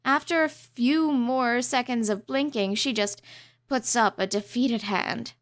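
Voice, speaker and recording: A woman's voice: fairly high pitch, unhurried, vocal fry. A young woman playing a story game, reading the narration aloud with casual, chatty asides. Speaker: game streamer. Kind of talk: reading a visual novel aloud with commentary.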